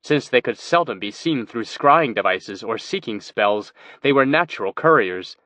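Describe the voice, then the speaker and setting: A man narrating a fantasy audiobook in a steady storytelling manner. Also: mid-range voice, normal speed, no echo. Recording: dry, dull lo-fi recording.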